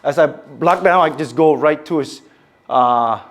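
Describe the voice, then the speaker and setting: A man's voice: a little high, a little slow. Man teaching kata with strike sounds. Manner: instructive, checks in with "okay?", sound effects for strikes. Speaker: martial arts instructor. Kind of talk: demonstrating kata applications.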